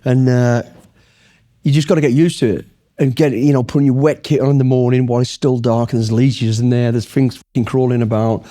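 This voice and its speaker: A man's voice: medium pitch, flat delivery, a little fast, mellow. A middle-aged man from Britain, a former soldier telling blunt, profanity-filled anecdotes in a casual interview. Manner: blunt, heavy swearing, rambling anecdotes. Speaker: guest, former special forces soldier.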